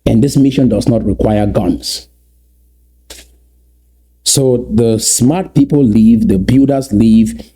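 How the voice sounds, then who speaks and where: A man's voice: medium pitch, mellow, slightly rough. A man giving an impassioned address to his community, emphatic and repetitive, with many rhetorical questions. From Southern Cameroons. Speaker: political speaker.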